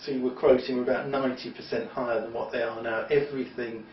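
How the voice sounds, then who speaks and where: A man's voice: mid-range voice, level tone, fast, a little hiss or hum. A man giving an opinionated, rambling monologue with emphatic restarts. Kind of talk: monologue talk. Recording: roomy, distant, dull lo-fi.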